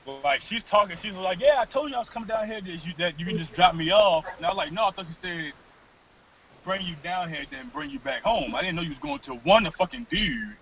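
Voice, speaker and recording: A man co-hosting a podcast, telling a story in casual chat, cursing freely and animated. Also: high voice, brisk. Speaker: podcast co-host. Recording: dull lo-fi podcast recording.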